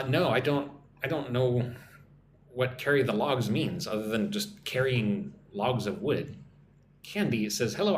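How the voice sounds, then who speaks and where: On a live stream, a mid-range male voice chats through an English lesson, reading out comments and greeting viewers in their languages. Slang gets explained with slow example sentences, heard over roomy echo and a faint background hum.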